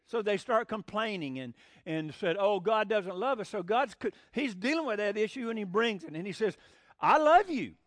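Emphatic high-voiced preacher. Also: male voice, fairly bright tone, dry recording. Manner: folksy, emphatic, acts out quoted voices. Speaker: pastor. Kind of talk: sermon.

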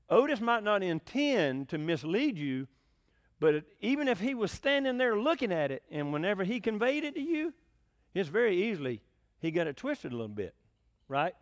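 Folksy male preacher, high-pitched, chatty, keeps quizzing the flock. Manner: folksy, asks the congregation questions, chuckles. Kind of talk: conversational sermon.

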